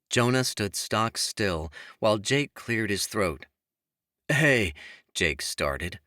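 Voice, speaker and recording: A man narrating a fantasy audiobook in the first person, wry and expressive, on a close studio mic. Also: deep voice, no echo.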